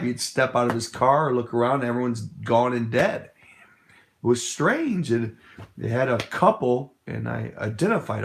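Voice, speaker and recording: A man's voice: medium pitch, creaky. A middle-aged man from the United States giving an impassioned political talk, telling a long story in a rambling, emphatic, hesitant way. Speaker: political speaker.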